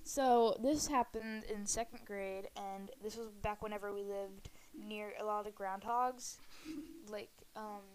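A woman's voice: mid-range voice, steady tone, a little slow, darkish tone. A woman from Pennsylvania co-hosting a podcast, telling a childhood story in a chatty way, laughing and restarting her sentences. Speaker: podcast co-host. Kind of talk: casual storytelling chat.

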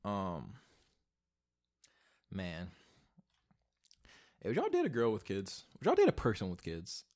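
Solo podcast host, man in his twenties, low voice, rambling and profane, goes from mumbling to loud ranting. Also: huge pitch swings, slow. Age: 20s. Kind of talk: casual solo podcast rant. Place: home, alone.

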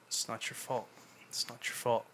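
A man reenacting a patient older therapist, repeating himself slowly with gentle, firm insistence. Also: a little hiss or hum, lightly acted. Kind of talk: fan reenactment of a film scene.

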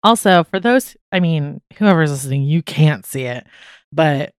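A woman's voice: low-pitched, expressive, measured pace, clear, resonant tone, no echo, clean studio sound. A young woman hosting a casual podcast chat, bubbly and talkative, laughing easily. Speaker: podcast host.

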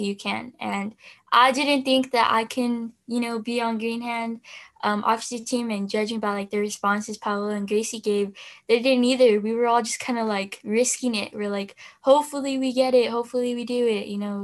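A teenage girl chats on a podcast about her student club, her voice pitched a little high. She rambles, fills pauses with "um" and "like" and laughs easily as she talks. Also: steady tone. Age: teens. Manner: chatty with many fillers and laughs. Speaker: student FFA officer. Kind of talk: casual podcast chat.

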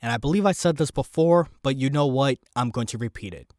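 A man talks through his thoughts on his own podcast, rambling and animated, circling back and restarting as ideas come. His voice sits at an ordinary middle pitch. The sound is dry and close, with no room around it. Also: brisk, dry recording. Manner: rambling, animated, thinking aloud. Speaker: podcast host. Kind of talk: casual solo podcast commentary.

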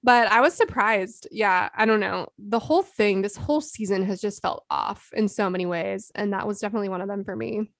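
A woman co-hosting a podcast, chatting casually in a relaxed way that trails off at the ends of phrases. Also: medium pitch, fairly quick, vocal fry, hardly any pauses, no echo, clean studio sound. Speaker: podcast co-host. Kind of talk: casual chat.

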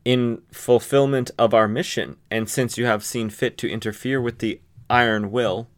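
A man's voice: medium pitch, steady tone, normal speed, close to an everyday voice. A man voicing a cold, formal female villain who is a Nazi agent, in a haughty manner.

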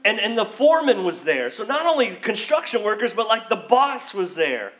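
A man, a pastor, delivering a sermon and telling a story, shifting from hushed to excited. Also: high voice, normal speed. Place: church.

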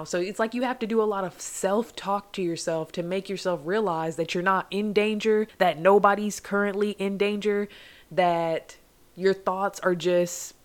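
A young adult woman hosting a solo podcast, talking candidly and at length, with many "like"s and asides to "you guys.". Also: medium pitch. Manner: rambling, heartfelt, heavy use of "like" and "you guys". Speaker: podcast host.

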